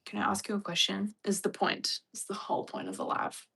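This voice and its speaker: A woman's voice: medium pitch, sing-song, brisk, gravelly, pushed and bright, slightly rough. A young Australian woman chatting casually on a livestream with a wry, chatty manner. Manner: chatty, wry, mock-dramatic impressions.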